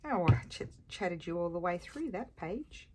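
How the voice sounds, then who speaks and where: A woman with a low, deep-set voice chats away while she glues and trims her pages at the craft table. She rambles easily from thought to thought, filling the gaps with ums and soft laughs. A faint hiss sits under her voice. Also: lively intonation, normal speed. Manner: rambling, chatty, with frequent fillers and chuckles. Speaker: crafting vlogger. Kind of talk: casual chat while crafting.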